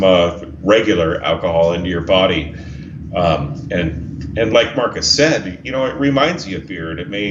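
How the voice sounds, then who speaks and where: Male co-host, low voice, plainspoken, lo-fi home recording. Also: a bit bright, slight background noise. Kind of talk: casual recovery talk. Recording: roomy, dull lo-fi sound.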